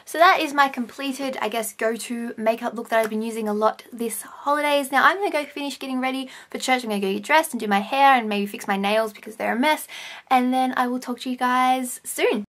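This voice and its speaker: A woman's voice: on the high side, a little fast, fairly bright tone. A young woman chatting casually through a makeup tutorial vlog at home, rambling and correcting herself as she goes. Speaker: vlogger. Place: home, indoors. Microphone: camera on a stand close by.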